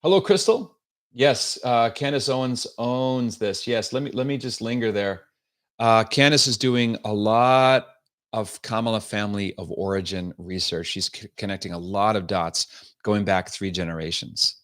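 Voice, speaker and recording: A man's voice: on the low side, moderate pace, a bit bright. A male host giving sarcastic, opinionated political commentary on a livestream and reading out viewer comments. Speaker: show host.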